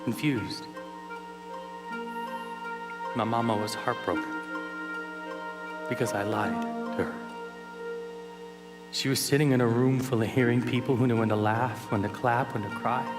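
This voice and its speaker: A man giving a keynote talk at a conference, telling a personal story in an animated way and acting out scenes. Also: mid-range voice, moderate pace, pauses often, loud music behind the voice, poor audio. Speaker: keynote speaker. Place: conference hall.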